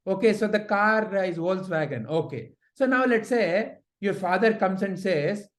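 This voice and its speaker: Guy teaching kids a lesson, lots of questions to the class, animated storytelling. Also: sits high, a little slow. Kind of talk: lesson for children.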